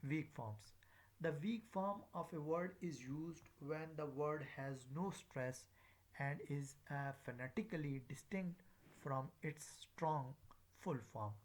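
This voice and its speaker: A man teaching English pronunciation in a recorded lecture. He pauses often with fillers and repeats example words again and again as drills. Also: on the high side. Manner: hesitant, frequent uh fillers.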